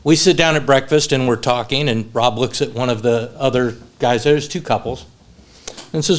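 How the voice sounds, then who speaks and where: Speaking at normal speed in a mid-range voice, a man delivers a eulogy at a funeral home service. He recounts amusing stories about his friend, then speaks sincerely in tribute.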